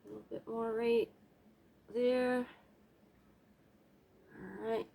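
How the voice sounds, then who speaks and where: A woman's voice: a little high, steady tone, takes it slowly, creaky, dark tone. Woman chatting while she does a paint pour, goofy little sound effects, laid back home craft vibe. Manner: chatty, self-deprecating, hums and makes playful sound effects. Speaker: craft vlogger. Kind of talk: casual narration while painting.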